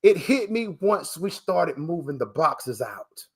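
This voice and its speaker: A man's voice: on the high side, big pitch swings, slightly rough. Emphatic man with repeated stammering starts. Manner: halting, with many repeated words and fillers; emphatic and preacher-like, calling the listener "man". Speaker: guest, transplant recipient and coach. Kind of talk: emotional conversational interview. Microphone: live video call broadcast.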